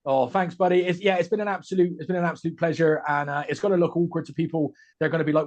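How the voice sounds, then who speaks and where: A man's voice: fairly high pitch, steady tone, a little mellow, highs cut off. A man from the West Country of England with a West Country accent, a guest comedian chatting casually over a video call and often restarting his sentences. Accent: West Country English. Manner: halting, many restarts and fillers. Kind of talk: casual podcast chat.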